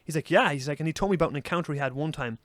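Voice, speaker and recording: A young Irish man co-hosting a podcast, telling a story in casual, animated chat and swearing freely. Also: on the high side, very fast, no room sound. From Ireland. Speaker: podcast co-host.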